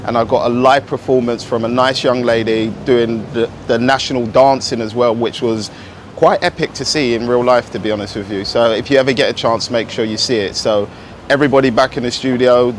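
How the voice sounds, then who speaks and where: A man's voice: mid-range voice, fairly even intonation, normal speed, slight background noise. A man giving an upbeat, chatty on-location report back to the studio from outdoors at an event abroad. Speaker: club ambassador reporting on location.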